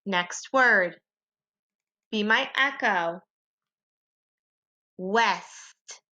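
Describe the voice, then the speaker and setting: Teacher lady doing phonics with little kids, slow, sounds out every letter, kinda muffled lo-fi audio. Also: a little high, bright, forceful tone. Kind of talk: phonics lesson for young children.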